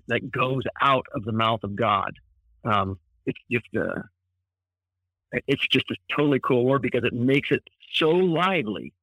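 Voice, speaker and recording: A man of middle pitch speaks as a guest pastor, teaching scripture with eager, thoughtful enthusiasm. He often restarts his sentences, and the recording is dry and close. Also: fairly bright tone, no echo, poor audio. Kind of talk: Bible teaching in conversation.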